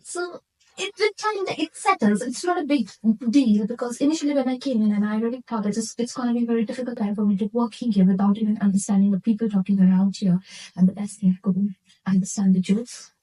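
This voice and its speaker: A woman's voice: mid-range voice, fast, dark tone, slightly rough, rough recording. A woman from India, a nurse interviewing a guest and earnestly reflecting on her own experiences. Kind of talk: casual interview chat.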